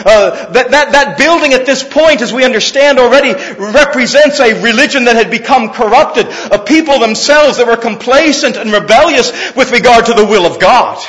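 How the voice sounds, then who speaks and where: A man preaching an expository sermon, earnest and halting, often repeating words as he searches for the phrase. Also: very high voice, fairly bright tone. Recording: long hall reverb.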